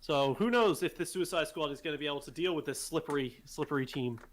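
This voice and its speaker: A man co-commentating a live tournament match, calmly breaking down each team's strategy. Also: a little high, fast talker, background noise. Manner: analytical, explains team strategy. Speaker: game co-commentator.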